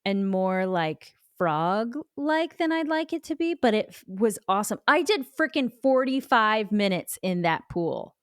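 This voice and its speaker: A woman in her forties co-hosts a podcast, telling a self-mocking story that rambles along with plenty of "like"s. Her voice is smooth and resonant. The recording is dry and close. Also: mid-range voice, very animated, unhurried, few pauses, dry recording. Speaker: podcast co-host. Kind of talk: casual chat.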